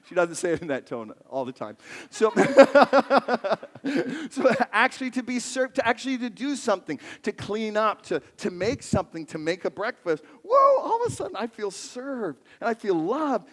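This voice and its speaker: A high-voiced male pastor preaches in a playful, lively way, his pitch swinging widely as he jokes with the crowd. His voice carries a long reverb from the large church sanctuary. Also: moderate pace. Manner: animated, playful, jokes with the congregation. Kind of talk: sermon.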